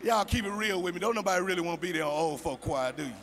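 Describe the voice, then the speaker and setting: A man's voice: sits high, lively intonation, very fast, a bit bright, a little hiss or hum. A middle-aged male stand-up comedian, chatting directly with the audience. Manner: conversational, addressing the audience directly.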